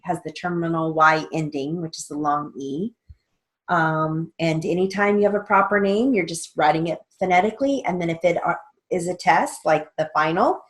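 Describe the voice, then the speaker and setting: A middle-aged woman teaching steno theory, dictating sentences slowly and spelling out names letter by letter. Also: lowish voice. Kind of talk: slow dictation and explanation.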